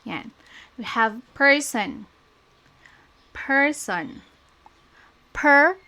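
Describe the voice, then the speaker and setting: A woman's voice: high voice, expressive, very slow, bright, forceful tone. A young woman with a Filipino accent teaching shorthand, patiently spelling out letters and repeating words. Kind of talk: online lesson, mixing Filipino and English.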